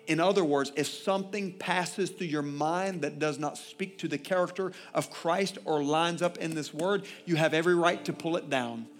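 Male pastor mid-sermon, pretty high voice, gets loud then goes quiet and personal, faint music underneath. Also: normal speed, hardly any pauses. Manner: impassioned preaching, swinging from loud declarations to quiet intimate asides.

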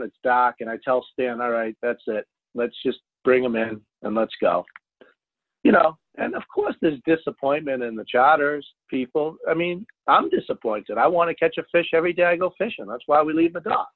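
A man, a fishing charter captain, telling a story in a casual interview, animated and loud at the high points. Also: fairly quick, few pauses, no room sound. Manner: animated, jumps to loud exclaims when retelling. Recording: dry tinny phone line.

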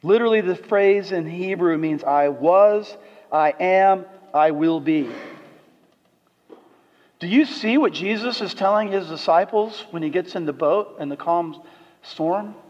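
A pastor preaching a sermon, emphatic at times and soft and earnest at others. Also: male voice, high-pitched, a little slow. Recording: dull sound with long hall reverb.

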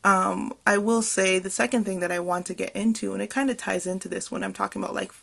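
A woman hosts her own podcast, thinking out loud in a passionate, earnest way. She circles back on herself often, with fillers and small laughs, and her pitch sits in the middle of the usual range. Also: steady tone, fast, vocal fry. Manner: passionate, emphatic delivery. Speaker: podcast host. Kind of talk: reflective solo podcast talk.

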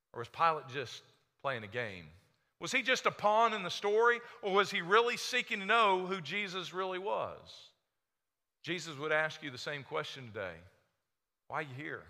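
A man's voice: on the high side, pushed and bright. A man preaching a sermon as pastor, acting out the people he quotes. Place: church sanctuary. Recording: reverberant church hall.

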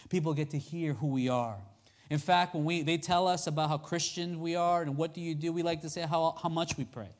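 A male preacher with a high voice delivers a sermon. He talks to the congregation in a conversational way and keeps asking them questions as he goes.

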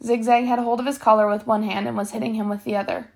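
A woman reading a novel aloud, steady, sometimes stumbling and correcting herself. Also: fairly high pitch, fast talker. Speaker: reader.

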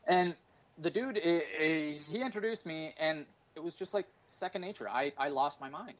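A man in his forties rambles through profane, jokey stories in casual podcast chat. His voice sits a little high for a man. The recording is dull and lo-fi, like call audio. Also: normal speed. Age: 40s. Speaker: stand-up comedian and guest.

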